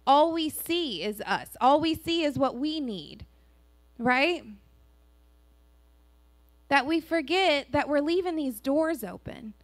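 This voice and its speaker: A woman's voice: high voice, slow pace, pauses often, no room sound. A woman pastor, telling a personal story in a sermon and acting out the voices. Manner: animated storytelling, acts out dialogue. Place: church sanctuary.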